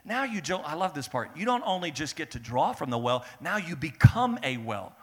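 A man preaching a sermon in a lively way, acting out the people in his story and swinging between loud bursts and hushed lines. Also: a little high, moderate pace. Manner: animated, acts out voices of biblical figures, swings between loud and hushed. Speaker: pastor.

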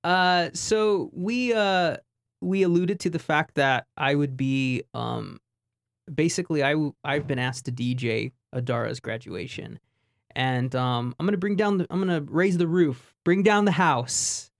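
A man's voice: fairly high pitch, fairly even intonation, measured pace, gravelly, no echo. A man hosting a casual radio show in a studio, joking and rambling with many ums.

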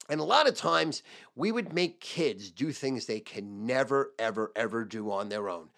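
Animated, foul-mouthed New storyteller. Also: male voice, medium pitch, measured pace, creaky. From Long Island, New York. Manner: animated, heavy swearing, emphatic repetition. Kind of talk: profane storytelling monologue.

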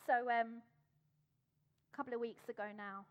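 A woman's voice: fairly high pitch, steady tone, moderate pace. A middle-aged woman preaching a sermon, emphatic and repeating her phrases for effect.

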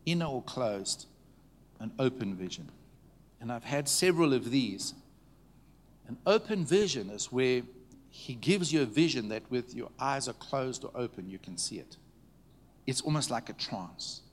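A man preaching to a congregation, telling stories in a conversational way, checking in with the listeners and dropping to a hushed tone at tender moments. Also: medium pitch, lively intonation, measured pace. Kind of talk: storytelling sermon. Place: church meeting before a live audience.

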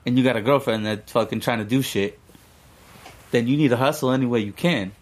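A man's voice: mid-range voice, a little fast. A young man co-hosting a podcast, telling a rambling story in casual, profane talk. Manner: profane, rambling, laid-back. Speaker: podcast co-host.

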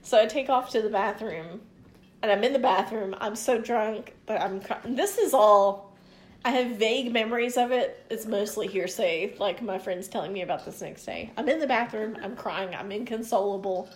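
A woman telling a story on a podcast in a lively, profane way, acting out what people said. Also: mid-range voice, moderate pace. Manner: animated, profane storyteller who acts out quotes. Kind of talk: casual podcast chat.

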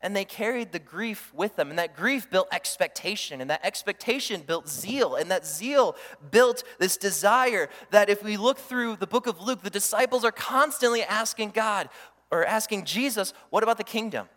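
A man preaching a sermon as pastor, animated, acting out the voices he quotes. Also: high-pitched, normal speed. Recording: long hall reverb.

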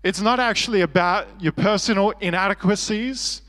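Aussie pastor guy preaching, kinda high voice, earnest but jokey, long echo like a big church hall. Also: moderate pace, a bit bright. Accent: Australian. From Australia. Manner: earnest, conversational preaching with self-deprecating humor. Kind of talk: sermon.

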